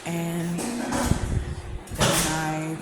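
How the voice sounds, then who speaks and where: A woman giving a candid, heartfelt personal message to camera, often halting and trailing off softly. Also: deep voice, completely flat delivery, over loud music. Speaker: vlogger sharing a personal message. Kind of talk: emotional personal testimony to camera.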